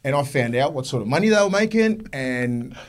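A man's voice: medium pitch, crowd noise. An Australian man in his forties, a former rugby league player, talking bluntly and swearing freely in a casual podcast chat. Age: 40s. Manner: blunt, swears freely, fast and animated storytelling.

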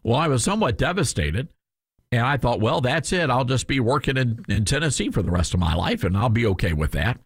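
A man's voice: mid-range voice, sing-song, brisk, husky, no echo. A male talk radio host with a Southern US accent, telling a rambling story full of fillers and restarts into a studio microphone.

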